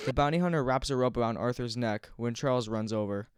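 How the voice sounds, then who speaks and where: A man's voice: mid-range voice, fast talker, smooth, dry recording. A man casually recapping game missions at home, mumbling and joking crudely. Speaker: gaming commentator. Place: home room, recorded late at night.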